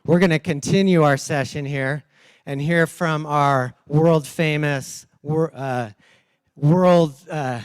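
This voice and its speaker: A man's voice: a little high, takes it slowly, smooth. A man hosting a conference session on stage, bantering with guests and rallying the audience. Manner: upbeat, rallies the audience. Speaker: conference host. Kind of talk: upbeat emcee patter. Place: large conference hall on stage.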